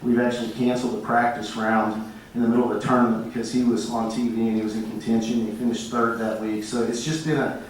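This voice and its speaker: A male coach gives a warm, rambling introduction, restarting his sentences as he goes. His voice is mid-range. He is recorded from a distance in a very reverberant banquet room, with faint noise behind him. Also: medium pitch, little pitch movement, fast talker, hardly any pauses. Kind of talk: introduction speech. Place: large indoor banquet room. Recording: echoey hall, speaker far from the mic.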